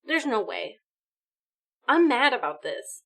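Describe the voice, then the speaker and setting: A woman live streaming a video game, chatting casually with her viewers in an animated, exclamatory way. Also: fairly high pitch, slow, gravelly. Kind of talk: casual gaming stream chat.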